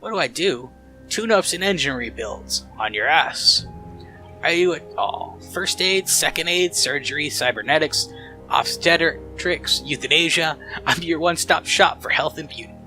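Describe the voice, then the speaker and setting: A man voicing a cheerful, hungover middle-aged male cyber doctor who jokes loudly, with a Midwestern accent. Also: fairly high pitch, normal speed, faint music behind, pitched above the performer's own voice. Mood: jovial. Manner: loud, boisterous, joking.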